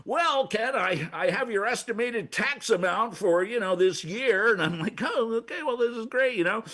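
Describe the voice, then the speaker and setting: High, bright, stammering man. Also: lively intonation, moderate pace. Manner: stammering, frantic, rambling. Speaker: recurring comedy segment guest. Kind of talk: excitable comedic radio chat. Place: radio studio.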